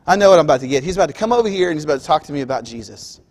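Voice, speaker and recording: A man's voice: on the high side, animated, rapid-fire, a little mellow, voice pushed down. A man voicing a weary male meat seller in a market, groaning and resigned, acted out within a sermon.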